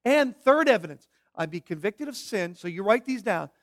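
A man preaching a sermon as pastor. He lays out numbered points and moves from forceful, stressed words to quiet, probing questions. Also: high-pitched, big pitch swings, moderate pace. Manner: emphatic, swinging from shouted stresses to hushed questions.

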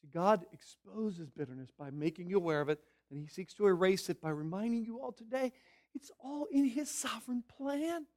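A pastor with a notably high speaking voice delivers a sermon from the pulpit at normal speed. Animated, he swings between loud, pressing emphasis and hushed asides, sometimes drifting away from the mic.

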